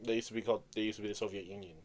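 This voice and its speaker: A man's voice: on the low side, steady tone, rapid-fire, darkish tone. A young man co-hosting a podcast, chatting casually in a laid-back, rambling way with slang. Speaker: podcast co-host. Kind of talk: casual chat.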